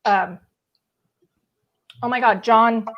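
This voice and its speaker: A woman's voice: a little high, fairly even intonation, drawn-out words, muffled recording. A woman hosting a casual TV chat, talking in a chatty, giggly way with lots of "like". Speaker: host.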